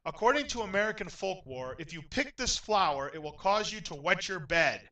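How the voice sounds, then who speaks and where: Bright upbeat game show host man. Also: sits high, a little fast, recorded from a distance, rough recording. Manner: upbeat, announcer-like, bursts into excitement at wins.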